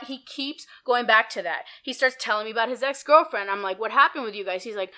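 A young woman tells a dating horror story on a podcast, her voice lively and swinging widely in pitch. Her tone is bright and high-set. She swears freely and drops into a low murmur to imitate her date. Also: brisk, hardly any pauses. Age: young adult. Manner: animated, profane, mimics a mumbling date in a low murmur. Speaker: podcast co-host. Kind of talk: casual storytelling chat.

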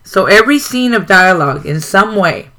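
A man's voice: sits high, animated, normal speed, bright, forceful tone. A man hosting a show who reads passages from a writing guide aloud and adds short asides, with occasional ums. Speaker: host reading a writing guide. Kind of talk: reading a book aloud with comments.

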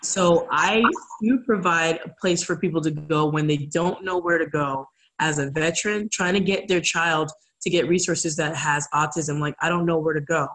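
A woman's voice: low voice, moderate pace, hardly any pauses, a bit bright, rough recording. Earnest woman guest telling stories. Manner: earnest storyteller, acts out quoted voices. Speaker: guest, community advocate. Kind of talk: casual interview chat.

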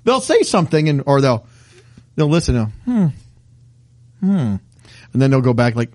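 A man's voice: medium pitch, normal speed, no room sound. A middle-aged man co-hosting a casual chat show, telling funny stories and acting out the doctors and nurses in them. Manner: animated storyteller who acts out the people in his stories. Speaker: podcast co-host.

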